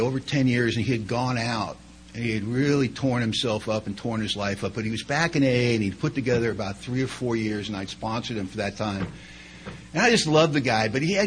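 A man's voice: mid-range voice, a bit bright, slight background noise, rough recording. A middle-aged man, telling personal stories in a loose, conversational way as a speaker at a recovery meeting. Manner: conversational, chatty with many asides. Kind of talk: storytelling talk.

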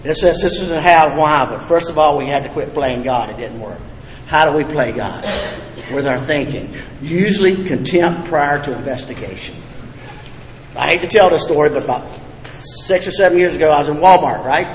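A recovery meeting speaker, this man is blunt and folksy, with profane humor in his jokes. His voice is a little high at a moderate pace; the reverberant hall carries faint ambience and a little hiss or hum.

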